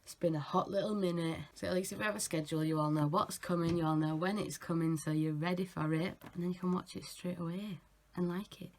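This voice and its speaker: Young woman, lowish pitch, casual makeup tutorial chat, self-mocking. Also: steady tone, fast talker, a little mellow, a little hiss or hum. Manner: chatty, giggly, self-mocking. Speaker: makeup artist vlogger.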